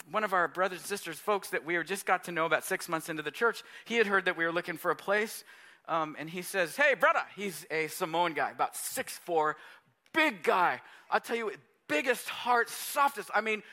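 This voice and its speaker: A man in his thirties preaching with a bright, ringing tone and a high-set voice. He tells his story in an animated, conversational way, often turning to the congregation as he goes. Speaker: pastor. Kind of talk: sermon storytelling.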